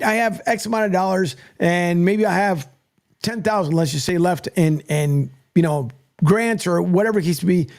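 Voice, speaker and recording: Talking into a studio mic, a man hosts sports radio in a loose, chatty monologue that wanders. His voice is high with a darkish tone, and he frequently stumbles and starts over.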